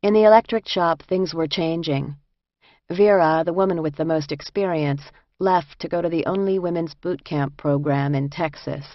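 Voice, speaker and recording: Low-voiced woman reading a memoir. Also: normal speed, no room sound, highs cut off. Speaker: audiobook narrator. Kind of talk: first-person audiobook narration.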